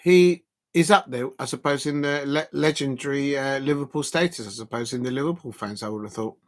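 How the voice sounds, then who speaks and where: A man hosting a live football watch-along, talking haltingly with fillers and breaking into loud emphatic outbursts at the action. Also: mid-range voice. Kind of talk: live match reaction commentary.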